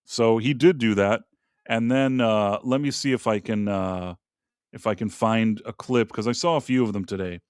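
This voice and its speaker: A man's voice: on the low side, normal speed, smooth, no room sound, studio quality. A man hosting a casual live-streamed talk show, giving blunt, opinionated takes with some profanity as he rambles from topic to topic. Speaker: podcast host.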